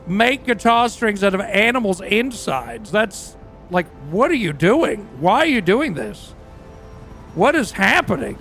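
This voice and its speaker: A man doing a high-voiced crude rock singer. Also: heavily acted. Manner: rambling, profane, deadpan tall tales. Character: crude boastful male rock singer, unhinged storyteller. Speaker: roleplay character. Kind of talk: improvised game roleplay.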